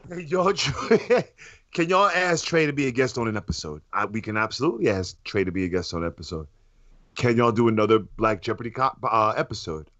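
A man co-hosting a podcast in casual chat, animated and argumentative, at times bursting into shouts. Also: medium pitch, a little fast, muffled recording. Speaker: podcast co-host.

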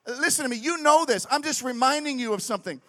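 Young guy preaching a sermon, pretty high voice, lively storytelling, talks to the crowd like friends. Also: fast talker. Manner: animated, conversational, keeps asking "right?".

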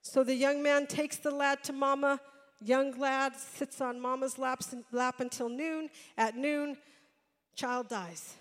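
A fairly high-voiced woman preaching a sermon, retelling a Bible story in a storytelling way that builds to loud, passionate preaching. Her voice rings through a church sanctuary with a long echo. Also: steady tone, slow.

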